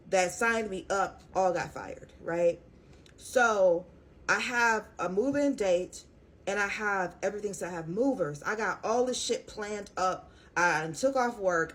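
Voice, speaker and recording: A young woman telling a personal story to her viewers in a casual, profane, animated way. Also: on the low side, slight background noise. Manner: profane, animated, talks straight to her audience. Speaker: tarot reader.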